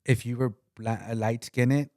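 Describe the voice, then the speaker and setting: A man's voice: mid-range voice, steady tone, normal speed, darkish tone, no room sound, clean studio sound. A man co-hosting a podcast in casual chat. He rambles, repeats words and laughs mid-sentence. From came to Utah. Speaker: podcast co-host.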